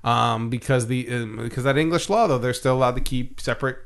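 A man's voice: medium pitch, brisk. Laid-back man riffing on history. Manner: loose, jokey storytelling with frequent laughs and fillers. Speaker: podcast co-host explaining history. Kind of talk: casual comedic history chat.

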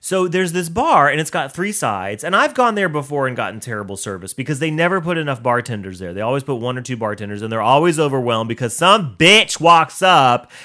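A man hosts his own show with a comic monologue. His voice is bright and pushed forward. He leans into the sass, swears freely, and tells the story with wide swings in pitch. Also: brisk, hardly any pauses. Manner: sassy, profane, animated storyteller with big pitch swings. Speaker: podcast host.

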